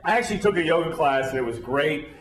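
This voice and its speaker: A man doing a profane, animated stand-up set before a live audience, acting out voices as he tells his stories. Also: on the high side, quick pace, far from the mic. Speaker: stand-up comedian. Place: comedy club stage. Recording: roomy club with loud crowd laughter.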